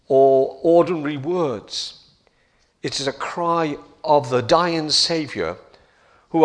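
A man preaching a sermon in a slow, deliberate way, repeating key phrases and building to emphatic passages. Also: on the high side, a bit bright.

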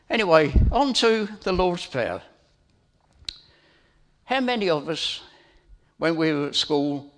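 A man's voice: a little high, fairly bright tone. A middle-aged man giving an informal sermon as preacher, telling a family story in a chatty way with asides to his listeners.

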